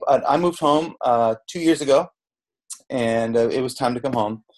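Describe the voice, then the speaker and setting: A middle-aged Southern California man, a chef appearing as a podcast guest, tells his story openly and loosely, restarting sentences and quoting dialogue. His mid-range voice moves at a normal speed and has a slightly mellow quality. It's recorded on a podcast microphone in a casual interview setting.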